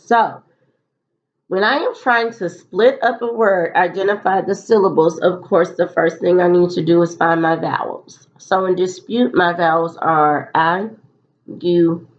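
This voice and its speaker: A woman teacher talks students through a phonics lesson, slow and patient, stating each step and repeating key phrases. Her voice sits a little low. The recording is dull and lo-fi.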